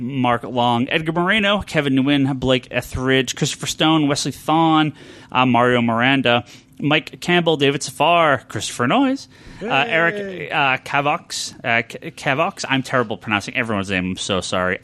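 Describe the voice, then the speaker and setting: A man's voice: medium pitch, sharp tone, dry recording. A man hosting a comics podcast in casual chat, reading a long list of backer names and stumbling over some of them. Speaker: podcast host.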